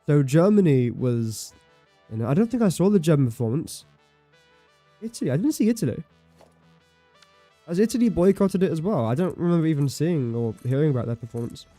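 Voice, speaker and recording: A man's voice: fairly high pitch, animated, fairly quick, long pauses, warm tone, no room sound, soft background music. A young man chatting casually while livestreaming a game, rambling and correcting himself as he talks. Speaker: streamer. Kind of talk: casual gameplay livestream chat.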